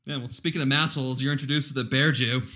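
A man's voice: medium pitch, fairly even intonation, fast, bright, forceful tone. A man co-hosting a casual film podcast, wisecracking and swearing freely. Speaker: podcast co-host. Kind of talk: casual chat.

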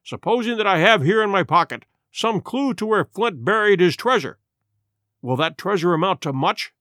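Calm, shrewd country doctor, voiced by a male narrator: measured, level-headed delivery, dry recording. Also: sits high, no room sound. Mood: probing.

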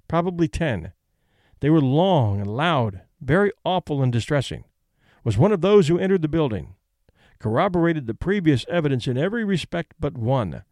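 A man narrating a story aloud in a measured, expressive reading of formal testimony. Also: on the high side, no room sound, clean studio sound. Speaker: audiobook reader. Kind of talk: scripted narration.

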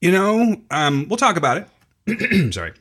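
A man's voice: sits high, very animated, normal speed, a bit bright, breathy edge. A man co-hosting a podcast in casual banter, laughing often, with a slightly sick throat. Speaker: podcast co-host.

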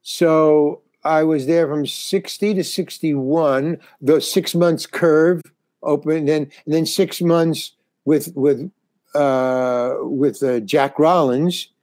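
A man's voice: fairly high pitch, fairly even intonation, slow pace, a little mellow, no echo. An older man, a comedian, telling stories in a casual interview, rambling with restarts. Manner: rambling, restarts, acts out quoted dialogue. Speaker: comedian guest.

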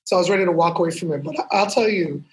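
A woman fashion model, a guest in an interview, telling her story in a lively way and acting out what people said. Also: fairly low pitch, rapid-fire, rough recording. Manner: lively storyteller who acts out quotes.

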